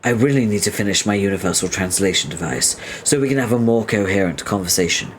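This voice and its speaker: A man's voice: lowish voice, quick pace, a little hiss or hum, close to an everyday voice. A man reading as a prim, long-winded young male troll inventor who talks in a formal, stiffly polite way.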